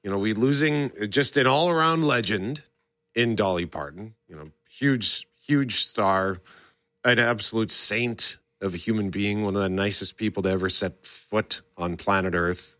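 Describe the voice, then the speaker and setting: A man's voice: on the low side, normal speed, fairly bright tone, no echo, studio quality. A male host chatting casually about pop culture, enthusiastic and rambling, often restarting his sentences. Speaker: show host. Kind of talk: casual entertainment talk.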